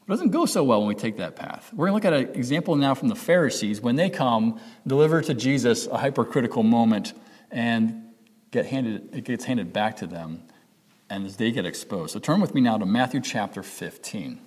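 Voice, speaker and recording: A pastor preaches in a large hall, his mid-range voice expressive, brisk, a little mellow and slightly rough. He talks conversationally, corrects himself, and acts out the inner voices in people's heads.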